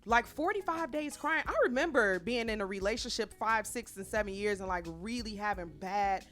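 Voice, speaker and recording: A young woman co-hosting a talk show in a mid-pitched voice. She tells stories in a lively, conversational way, full of asides. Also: normal speed, soft background music. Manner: animated, chatty storytelling. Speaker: podcast co-host. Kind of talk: casual radio chat.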